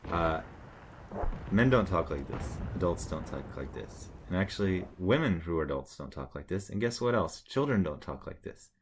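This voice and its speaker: A man with a very deep, low-pitched voice talks through a loose commentary monologue. His tone is sarcastic and mocking, and he rambles with plenty of fillers and restarts, over faint background noise. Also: expressive, moderate pace. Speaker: commentator reacting to online posts.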